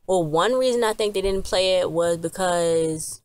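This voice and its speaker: A woman with a lowish, darkish voice at normal speed, recorded with no room sound, recaps a TV episode to camera. She chats casually and rambles, using lots of fillers and "she was like" retellings.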